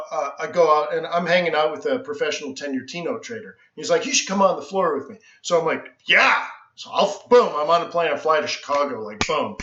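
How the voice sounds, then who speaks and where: A man hosting a live trading stream, telling an animated story and acting out the voices of the people in it. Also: a little high, roomy sound, lo-fi sound. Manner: excitable, acts out other people's voices, lots of restarts. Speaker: trading educator and host.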